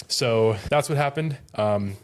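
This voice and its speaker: A man's voice: medium pitch, unhurried, smooth. A man co-hosting a podcast, chatting casually and rambling with plenty of fillers. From Florida. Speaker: podcast co-host. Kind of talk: casual chat.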